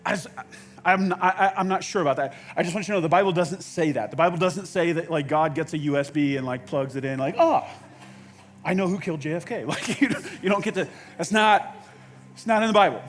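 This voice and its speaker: A man preaching a sermon in a conversational way, with halting restarts, dropping to quiet intensity and rising to loud outbursts. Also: on the high side. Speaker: pastor. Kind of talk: sermon with acted-out quotes.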